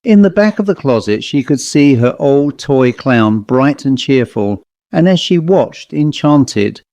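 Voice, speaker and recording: A man's voice: mid-range voice, dark tone, no echo. Man reading a horror story. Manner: measured, dramatic storytelling. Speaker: narrator. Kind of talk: audiobook narration of a horror story.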